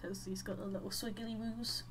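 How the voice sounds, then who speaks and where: A woman's voice: mid-range voice, flat delivery, normal speed. A woman on an online voice call, chatting casually and laughing often. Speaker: co-host on the stream. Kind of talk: casual chat.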